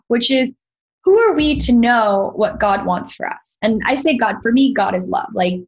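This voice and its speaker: A woman's voice: medium pitch, creaky, breathy edge, low-quality recording. A woman guest on a podcast, earnestly telling a personal story and acting out quoted dialogue. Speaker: podcast guest, sound healer.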